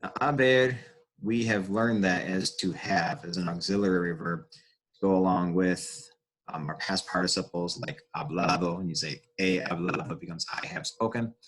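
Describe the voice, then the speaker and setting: A man explaining a lesson as a teacher, casual and unhurried, pausing with fillers and restarting phrases. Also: low-pitched. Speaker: Spanish teacher. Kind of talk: classroom-style lesson explanation.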